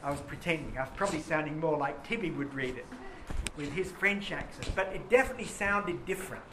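A male English teacher leading a lively classroom lesson on a poem, questioning his students and reading verse slowly. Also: on the high side. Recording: echoey classroom with faint noise.

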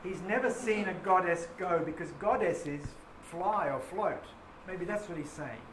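A male English teacher leading a lively classroom lesson on a poem, questioning his students and reading verse slowly. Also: high-pitched. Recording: echoey classroom with faint noise.

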